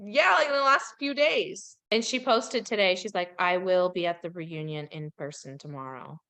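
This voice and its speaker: A woman's voice: fairly low pitch, moderate pace, a bit bright. A woman hosting a podcast, chatting casually and animatedly about pop culture, with plenty of gossip and giggles. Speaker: podcast host.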